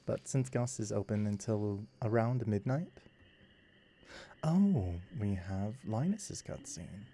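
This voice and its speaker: A man giving slow, soft, musing commentary over a farming video game, meant to help listeners fall asleep. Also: fairly low pitch, animated, slight background noise. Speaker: gameplay commentator. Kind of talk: relaxed sleep gameplay commentary.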